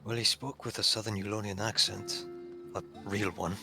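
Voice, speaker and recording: A man playing in a tabletop game, talking in a casual, halting way. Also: lowish voice, flat delivery, music in the background. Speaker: player. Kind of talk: tabletop game role-play.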